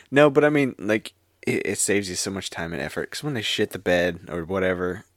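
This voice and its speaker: Low-voiced, laid-back sarcastic man. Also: moderate pace, fairly bright tone, no room sound. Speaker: podcast co-host, healthcare worker. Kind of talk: casual podcast chat.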